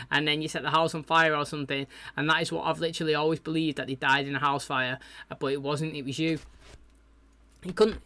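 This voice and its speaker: In a dry recording, a TV reaction channel host talks through an episode in a rambling, chatty way. His voice sits on the high side, bright and forceful, and he paraphrases loosely with lots of fillers.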